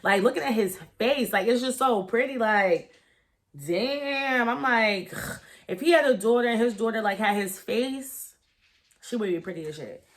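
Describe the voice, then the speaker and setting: A woman's voice: a little high, moderate pace. Gossipy woman reviewing a reality show. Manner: candid, gossipy, animated with frequent fillers and profanity. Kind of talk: casual vlog commentary.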